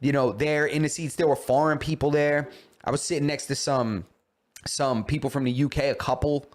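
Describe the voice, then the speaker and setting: A man's voice: a little high, normal speed. A man co-hosting a podcast, telling stories animatedly in slangy, profane casual chat. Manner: animated storyteller, slangy and profane, acting out quotes. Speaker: podcast co-host.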